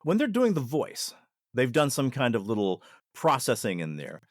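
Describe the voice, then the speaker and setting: A man, a podcast guest and former ER nurse, telling a paranormal experience in an earnest, deliberate way that takes its time. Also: mid-range voice, huge pitch swings, dry recording, studio quality.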